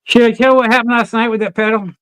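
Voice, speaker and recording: A man's voice: very high-pitched, quick pace, clear, resonant tone, dry recording. A man as a podcast guest, telling casual stories full of swearing and laughter. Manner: swears freely, animated anecdotes with laughter. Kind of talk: casual chat, storytelling.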